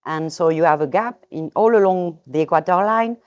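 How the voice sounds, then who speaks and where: French-accented woman explaining, lowish voice. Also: normal speed, a little mellow, highs cut off. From France. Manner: explaining, hesitant with fillers. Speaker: guest. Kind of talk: casual chat.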